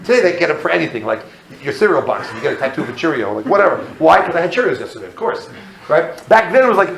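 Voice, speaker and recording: Gravelly-voiced guy telling a funny story, fairly high voice, echoey room. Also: fast. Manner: animated, self-mocking, jumps into shouted re-enactments. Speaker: rabbi and speaker. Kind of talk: comic storytelling talk.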